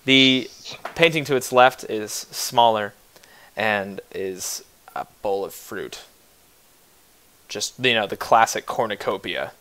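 A man's voice: on the low side, slow pace, pushed and bright. A man narrating a tabletop game as game master, casual and joking, often restarting his sentences.

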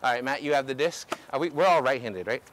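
A man coaching a group through drills outdoors, energetic and instructive, often checking in with "okay?". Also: medium pitch, fast talker, slight background noise. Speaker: ultimate coach. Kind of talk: outdoor coaching clinic demonstration. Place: outdoor field.

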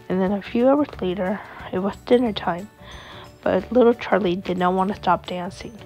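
A woman narrating a bedtime-style story in a gentle, unhurried way. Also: medium pitch, lo-fi sound, soft background music.

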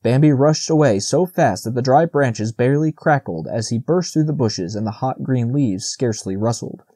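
A man narrating a classic children's novel as an audiobook, steady and even. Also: medium pitch, normal speed, slightly rough, no echo, clean studio sound. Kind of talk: scripted narration.

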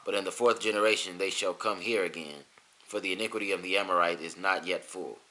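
A man reading scripture aloud in a steady, measured way, with an occasional slip. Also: low voice, poor audio. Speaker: scripture reader.

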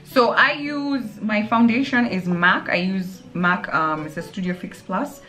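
A woman's voice: mid-range voice, a little slow, pushed and bright. A Kenyan woman in her late twenties chatting casually in a bedroom while explaining her makeup steps. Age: late 20s. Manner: chatty, explains as she goes. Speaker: co-host. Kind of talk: casual chat during a makeup tutorial.

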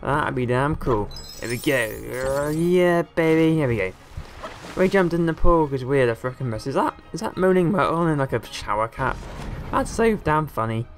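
A man giving casual, excitable let's-play commentary with a joking tone, often addressing viewers as guys. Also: medium pitch, moderate pace, soft background music. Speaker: gameplay commentator.

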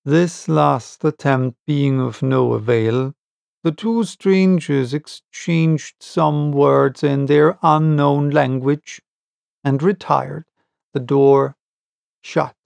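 Slow, gravelly male audiobook narrator. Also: on the high side, fairly even intonation, a little mellow, no echo. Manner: slow, deliberate reading. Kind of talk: unabridged audiobook reading.

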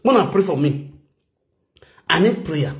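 Nigerian man hosting a live chat, slightly high, rambling, echoey room. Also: unhurried. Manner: laughing, rambling, animated. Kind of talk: casual live-stream chat.

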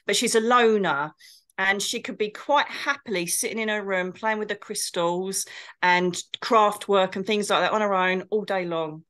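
A woman's voice: mid-range voice, normal speed, fairly bright tone. A woman co-hosting a casual chat, telling rambling, gushing anecdotes. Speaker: co-host and spiritual medium.

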